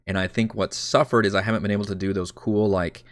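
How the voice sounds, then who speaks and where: A man's voice: fairly low pitch, steady tone, fast talker, dry recording, studio quality. A man preparing his tabletop game on a live stream, talking casually, rambling and correcting himself. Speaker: dungeon master.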